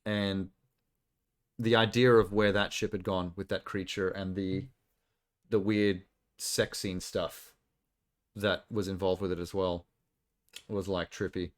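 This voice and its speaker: A man casually chatting on a live stream, musing in a relaxed, rambling way with lots of fillers. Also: deep voice, a little slow. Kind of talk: casual reaction stream chat.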